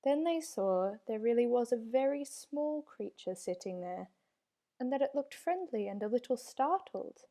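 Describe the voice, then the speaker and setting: A woman reading a children's storybook aloud with steady, expressive narration. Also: a little high, measured pace. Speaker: reader.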